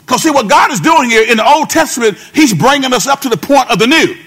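A man's voice: extremely high pitch, lively intonation, fast, a bit bright, breathy edge. A male pastor preaching a sermon, calling out to the congregation and repeating phrases with a sing-song lilt.

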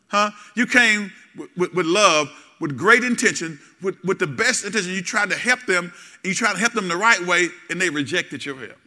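A man's voice: fairly high pitch, bright, forceful tone, long reverb tail. A man preaching a sermon, quizzing his congregation with call-and-response questions. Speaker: pastor.

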